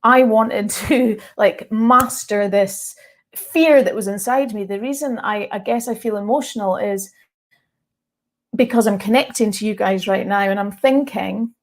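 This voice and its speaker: Speaking at a measured pace in a mid-range voice, a mindset coach from Scotland shares a personal story with her viewers. Her delivery is candid and earnest, near tears, broken up by bursts of laughter.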